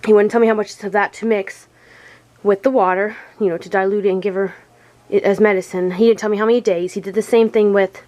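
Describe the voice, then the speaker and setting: A woman's voice: mid-range voice, steady tone, a little mellow. Distressed woman close to tears. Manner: distressed, tender, halting, with sighs and restarts. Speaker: pet owner filming her bird. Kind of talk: emotional home video complaint.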